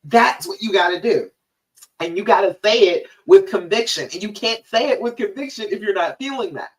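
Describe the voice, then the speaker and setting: A woman's voice: medium pitch, animated, moderate pace, far from the mic, poor audio. A woman relationship coach giving a live-streamed talk, emphatic and direct, repeating her key points.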